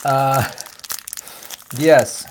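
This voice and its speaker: This American host of a live-stream political show goes through viewer comments and questions, joking, cursing and staying loose, his talk thick with fillers and trailing asides. He has a medium-pitched voice with a steady tone and drawn-out words, and there's slight background noise.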